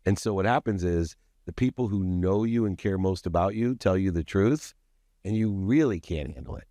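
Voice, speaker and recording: A man's voice: low-pitched, moderate pace, warm tone, no room sound, studio quality. A man, as a podcast guest, telling a personal story in an intense, confessional way with dramatic emphasis.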